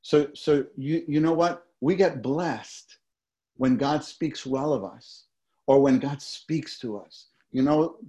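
A man's voice: medium pitch, slow pace, dark tone. A man preaching a sermon to a gathered congregation, often restarting and repeating words and leading them in spoken responses. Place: meeting hall with a summer-school gathering.

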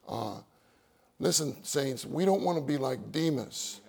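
A man's voice: medium pitch, expressive, a little slow, vocal fry, darkish tone, slightly rough. A man preaching a sermon, reading outline points aloud and repeating key phrases for emphasis.

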